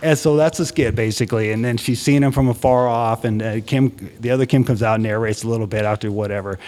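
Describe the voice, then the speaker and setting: A man's voice: medium pitch, steady tone, fast talker, a little mellow. A man hosting a podcast, animatedly retelling a story in a casual way with many restarts. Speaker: podcast host.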